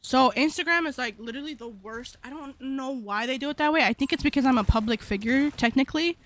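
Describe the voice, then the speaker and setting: High-voiced chatty woman streamer. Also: fast. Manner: chatty, slangy, rambling, laughs often. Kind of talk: casual chat with stream viewers.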